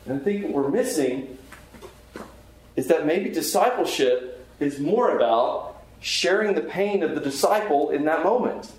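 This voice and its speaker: A man's voice: fairly high pitch, lively intonation, a little slow, a little mellow. A man, a chaplain, teaching a Bible class in an earnest, conversational way and putting questions to the group. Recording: very echoey room, faint background hiss.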